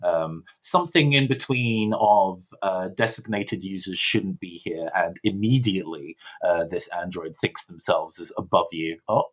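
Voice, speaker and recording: A low-voiced man runs a tabletop game, describing scenes to a player. He speaks slowly and deliberately, pausing often to find his words. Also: a bit bright, low-quality recording. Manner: measured, with frequent ums. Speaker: game master.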